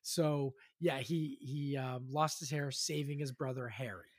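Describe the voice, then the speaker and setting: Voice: mid-range voice, unhurried, husky. Chatty podcast host with many fillers. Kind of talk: casual podcast chat.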